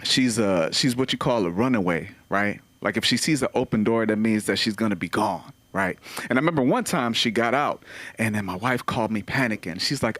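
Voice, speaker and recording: Lively man doing stand-up. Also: fairly low pitch, brisk, dry recording. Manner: animated storytelling, acts out voices of people and dogs. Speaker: stand-up comedian. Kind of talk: stand-up comedy set. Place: comedy club stage at an open mic.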